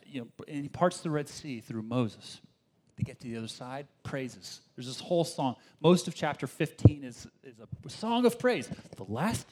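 A man preaching a sermon in an animated way, often restarting his sentences as he talks it through. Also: on the high side. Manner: animated, acts out complaining voices, frequent restarts. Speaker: pastor.

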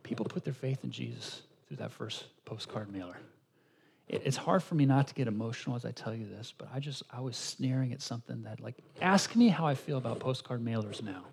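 A male pastor preaching a sermon, telling stories with animated quoted dialogue. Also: mid-range voice, fairly quick, gravelly, slight background noise.

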